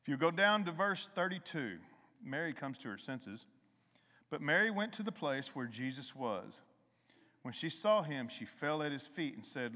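A man preaching a conversational sermon to a congregation, with emphatic rises and a soft, slow hymn. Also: a little high, lively intonation, in a large hall. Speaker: lay preacher. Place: church hall.

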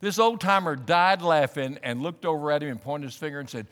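A man preaching a sermon as a pastor, animated and building up to emphatic, pressing questions. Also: on the high side, a little fast, hardly any pauses, long reverb tail. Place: church sanctuary.

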